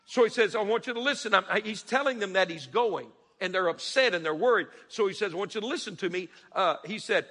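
A man's voice: high-pitched, lively intonation, fast talker, hardly any pauses, long reverb tail. A man preaching a sermon in a church, firing off rising questions and dropping to near-whispers. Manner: preaches with dramatic rising questions and sudden soft drops.

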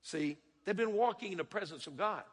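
Male preacher with a high, forceful voice and a husky edge, in a church hall with long reverb. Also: animated, brisk. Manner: preaches with dramatic rising questions and sudden soft drops. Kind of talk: sermon.

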